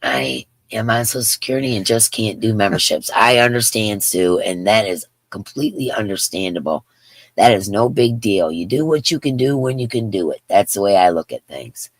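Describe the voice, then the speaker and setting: A woman's voice: very deep voice, expressive, normal speed, dry recording. A woman in her fifties hosting a craft livestream, chatting in a rambling way and reading viewer comments aloud. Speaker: crochet livestream host. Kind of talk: casual livestream chat.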